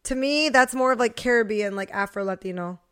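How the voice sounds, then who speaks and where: A woman's voice: a little high, a little fast, fairly bright tone, smooth. A young woman co-hosting a podcast, chatting casually and rambling with lots of "like" fillers. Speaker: podcast co-host.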